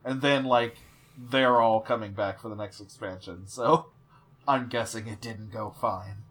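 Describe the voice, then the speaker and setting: A man's voice: lowish voice, steady tone, unhurried, a bit bright. A man co-hosting a podcast, chatting casually and animatedly, often acting out lines he quotes. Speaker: podcast co-host. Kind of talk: casual chat.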